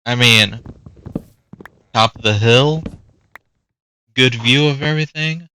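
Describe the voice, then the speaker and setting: Chatty gamer dude, bright forceful voice, talks to the animals while he plays. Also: mid-range voice, takes it slowly, a little hiss or hum. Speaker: gaming youtuber. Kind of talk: casual gameplay commentary.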